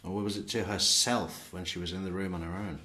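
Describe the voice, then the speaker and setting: A man's voice: low-pitched, steady tone, fairly quick, sharp tone. A man commentating over trial footage with mocking, wry asides. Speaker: true crime commentator.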